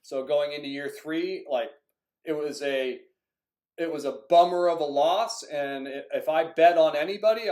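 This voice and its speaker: A man who coaches youth soccer, talking casually and acting out past conversations. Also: fairly high pitch. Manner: animated storytelling, acts out conversations; frequent "like" fillers. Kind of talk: casual monologue. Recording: echoey room.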